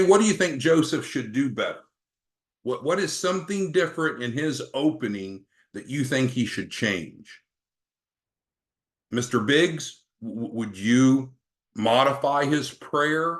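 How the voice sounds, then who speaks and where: A man's voice: medium pitch, fairly bright tone. A man leading a sales training meeting, upbeat, coaching and calling on team members by name.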